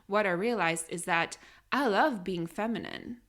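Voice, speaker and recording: A woman's voice: medium pitch, measured pace, fairly bright tone. Woman co-host, non-native English speaker, chatty, upbeat, casual podcast talk. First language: not English. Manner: chatty, upbeat, full of fillers like "you know" and "right?".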